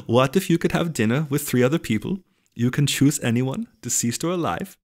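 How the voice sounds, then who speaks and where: A man reading out a listener's question in an exaggerated put-on Dutch accent, loud and bouncy. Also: medium pitch, lively intonation, a little fast, pitched above the performer's own voice, lightly acted. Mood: cheery.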